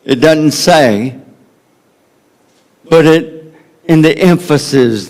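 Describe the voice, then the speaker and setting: Slow, dramatic Southern preacher man. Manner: dramatic, swings from loud emphasis to hushed low tones. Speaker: pastor. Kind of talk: sermon.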